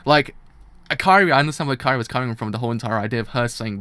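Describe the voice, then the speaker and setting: A man's voice: mid-range voice, racing, bright, forceful tone, clear, resonant tone, no room sound. Impassioned man ranting, dry sound. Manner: impassioned, ranting, repeats "kind of" often. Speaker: manga reaction streamer. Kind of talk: live reaction rant.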